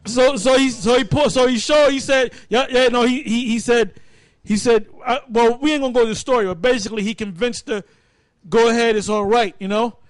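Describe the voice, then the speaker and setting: Man, casual Bible teacher, high voice, dry recording, loose and emphatic. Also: a little fast, dry recording. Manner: rambling, restarts, emphatic. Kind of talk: casual preaching.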